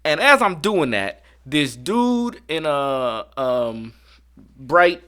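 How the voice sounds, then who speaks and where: A man hosting a podcast, telling a story in a casual, animated, slangy way with plenty of swearing. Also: on the high side, drawn-out words. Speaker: podcast host.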